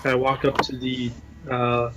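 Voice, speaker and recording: A man playing a tabletop game, speaking hesitantly and pausing with um and uh. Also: mid-range voice, monotone, fairly bright tone, low-quality recording. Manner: hesitant, fills pauses with um and uh. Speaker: player. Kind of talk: casual chat while playing a tabletop game.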